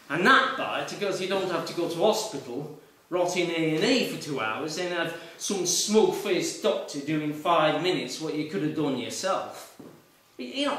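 In a solo stage show, an actor plays an aggrieved, blustering middle-aged male traffic warden, performing a live monologue in a meeting room before an audience. His slightly high voice is bright and pushed, and he rambles and pities himself with sudden bursts. The room is echoey and he sounds distant.

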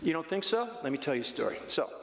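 A man's voice: fairly high pitch, very animated, fast, gravelly, fairly bright tone, slight background noise. A male pastor preaching a sermon in a church sanctuary, emphatic and conversational, acting out voices of the figures he quotes. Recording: echoey church hall.

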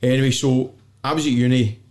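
Fairly quick and level in tone, this man has a slightly mellow mid-range voice and a Glaswegian accent. He's a podcast guest swapping casual stories, self-mocking and blunt, laughing often and swearing without restraint.

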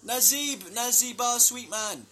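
A man's voice: very high voice, unhurried, pushed and bright. A young man chatting casually on a live stream, reading out fan names and thanking them for gifts. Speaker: band member live-streaming to fans.

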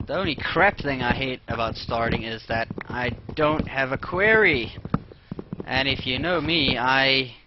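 Through a noisy, dull lo-fi mic, a young man gives casual gameplay commentary for a let's play, rambling and chatting to himself as he plays. His medium-pitched voice moves at a measured pace.

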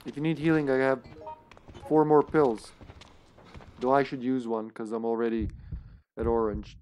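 A man giving casual live commentary while playing an online co-op game, thinking aloud and laughing, with sudden excited outbursts. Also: mid-range voice, moderate pace, a little hiss or hum.

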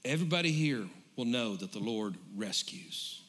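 A man's voice: medium pitch, expressive, normal speed, hardly any pauses, a bit bright. A middle-aged pastor, preaching fervently and calling out to his congregation. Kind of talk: sermon.

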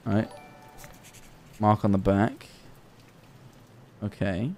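A man's voice: lowish voice, slow, dark tone, faint music behind. Jumpy, swearing young male streamer. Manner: jumpy, nervous, swears often, talks to himself. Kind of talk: live gameplay commentary.

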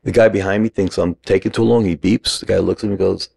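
A man's voice: deep voice, fairly even intonation, fast, gravelly, darkish tone, no echo. A middle-aged man, an acting teacher, telling a story in short punchy sentences and acting out the other people's lines. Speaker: acting teacher, podcast guest. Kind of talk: animated storytelling.

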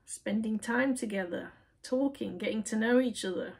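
A woman's voice: a little high, normal speed, gravelly, darkish tone, slightly rough. A woman giving a casual tarot reading to camera, talking straight to the viewer and asking and answering her own questions. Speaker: tarot reader.

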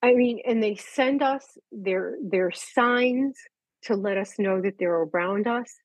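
Older woman, husky voice, dry close sound, animated storyteller, casual chat. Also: mid-range voice, slow, dry recording, low-quality recording. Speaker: animal communicator guest.

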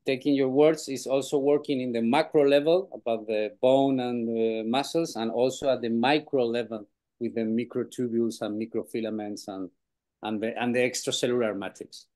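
A man's voice: medium pitch, fairly even intonation, normal speed, a little mellow. A man in an online conference discussion, polite, adding points with some hesitation. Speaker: panelist.

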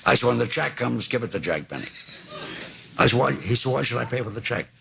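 Gravelly dry-voiced man in his nineties. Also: medium pitch, fast talker. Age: 90s. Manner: dry, deadpan storyteller with gravelly voice. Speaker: talk show guest. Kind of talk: anecdotal storytelling. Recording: noisy old TV broadcast tape.

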